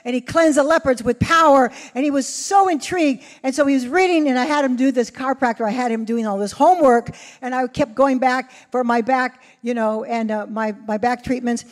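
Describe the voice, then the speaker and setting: High-voiced woman preacher telling a story. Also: fairly quick, few pauses. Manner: animated, acts out dialogue. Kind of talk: sermon testimony storytelling. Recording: reverberant hall.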